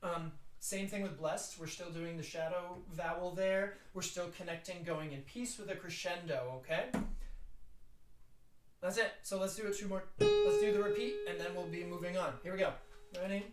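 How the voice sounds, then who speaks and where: A man with a tenor voice leading a choral rehearsal, explaining the notes quickly and then singing phrases slowly in falsetto. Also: echoey room, distant mic, over loud music, rough recording. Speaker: choir director. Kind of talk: choral rehearsal teaching with sung demonstrations.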